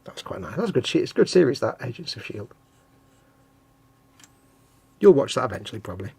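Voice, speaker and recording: A man's voice: medium pitch, very animated, fast, creaky, a little mellow, husky, no room sound. A man co-hosting a casual live stream while painting miniatures, chatting and ranting with playful mock voices. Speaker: co-host.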